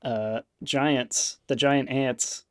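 A man running a tabletop game, taking his time and pausing often between words. His narration stumbles and restarts. The sound is dry and close. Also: mid-range voice, steady tone, no room sound. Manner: halting, full of fillers and restarts. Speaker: game master.

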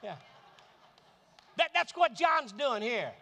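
A man from Florida preaching in an animated way, repeating his words as he goes. His voice sits high and sounds bright and forceful. It carries a long reverb, as in a large hall. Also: slow. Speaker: pastor. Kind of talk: sermon.

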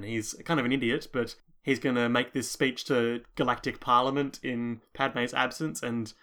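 A man's voice: medium pitch, fairly bright tone. A man co-hosting a podcast in casual chat, wry and opinionated. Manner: fast, wry and opinionated, laughs often. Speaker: podcast co-host.

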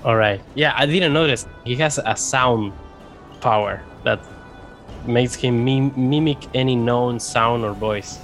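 A man's voice: mid-range voice, a little slow, a bit bright, soft background music. A man playing a tabletop role-playing game, talking hesitantly with many restarts. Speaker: player. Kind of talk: casual tabletop play.

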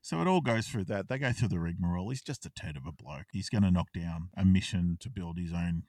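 A man's voice: low-pitched, a little mellow, dry recording, studio quality, recorded from a distance. A man chatting casually as a podcast co-host, rambling through an episode recap, swearing and acting out bits of the scenes. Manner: rambling, swears freely, acts out scenes in quick quoted voices.

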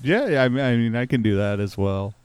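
A man's voice: mid-range voice, expressive, brisk, noisy background. A man joking around as a prank caller, laughing and stretching out his punchlines. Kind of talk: comedic phone prank banter.

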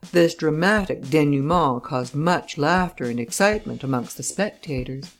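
A woman narrating an audiobook chapter in a measured, even storytelling manner. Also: sits low, faint music behind. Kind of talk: scripted narration.

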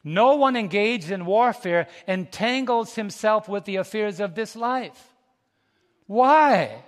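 A male pastor preaching a sermon, folksy and animated, calling out to the congregation and laughing between stories. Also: high voice, long reverb tail. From United States. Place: church sanctuary.

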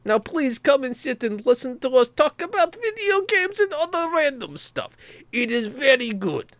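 A man's voice: very high voice, very animated, normal speed, a bit bright, no room sound, voice pushed up, full character voice. A man putting on a hearty mock Russian accent to play a jovial man welcoming guests in broken English.

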